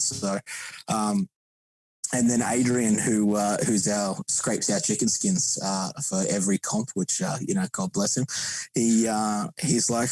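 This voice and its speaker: A man's voice: on the low side, steady tone, unhurried, a little mellow, dry recording, rough recording. A man chatting casually as a podcast guest, rambling with frequent restarts. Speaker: podcast guest, barbecue competitor.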